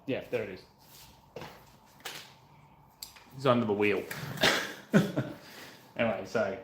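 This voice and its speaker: An Australian man from North Queensland, chatting casually and joking with rambling asides while working in his workshop. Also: lowish voice. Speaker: motorcycle restoration vlogger. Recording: echoey room, faint background noise.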